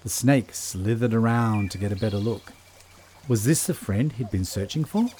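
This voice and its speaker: A man narrating a children's story in a gentle, measured storytelling voice. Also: lowish voice, slight background noise.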